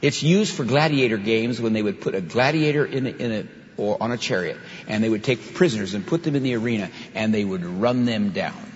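A man's voice: lowish voice, a little fast. Guy preaching a sermon, voice jumps around a lot, long echo off the hall. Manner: lively, conversational preaching with asides to the congregation. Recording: dull lo-fi sound with long hall reverb.

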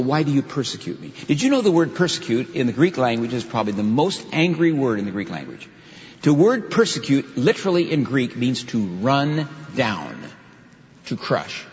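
A man preaching a sermon in a lively, conversational way, with asides to his listeners. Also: mid-range voice. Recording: dull lo-fi sound with long hall reverb.

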